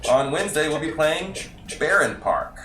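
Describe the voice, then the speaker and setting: Lively bright-voiced man, roomy sound. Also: on the high side, normal speed. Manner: chatty, lively, wraps up with schedule news. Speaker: board game streamer. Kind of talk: casual chat. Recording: roomy, mic a bit far, faint music.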